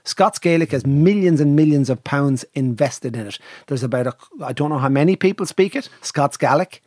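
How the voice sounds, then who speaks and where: A middle-aged Irish man telling a lively anecdote in casual conversation, swearing freely. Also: on the high side, moderate pace, dry recording, studio quality. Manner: lively storyteller, mimics drum sounds, swears casually.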